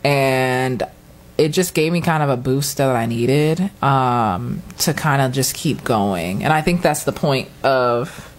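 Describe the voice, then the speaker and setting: Woman, low voice, casual storyteller who acts out other people's lines; unhurried chat. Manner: animated storyteller, acts out quotes with high squeals and laughs.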